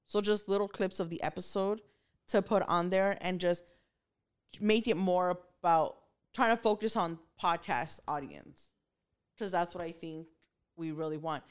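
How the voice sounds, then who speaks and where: A woman's voice: medium pitch, a little slow, clean tone. A young woman co-hosting a podcast, chatting casually with lots of swearing and laughter. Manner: profane, laughing, loose banter. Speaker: podcast co-host.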